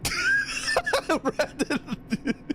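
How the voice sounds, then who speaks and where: A man's voice: extremely high pitch, huge pitch swings, very slow, heavy background noise. A man streaming a game, joking, laughing, and reading dialogue aloud with game music in the background. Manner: goofy, laughing, jumps between silly voices and reading.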